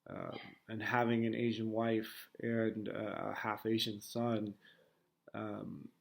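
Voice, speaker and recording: American man, 30s, low and gravelly, hesitant reflective monologue. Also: little pitch movement, slow. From United States. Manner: hesitant, many fillers and restarts.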